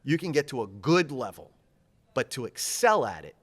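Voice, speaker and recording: A man giving interview answers as a public speaking coach, energetic and fast-talking, gesturing as he speaks. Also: mid-range voice.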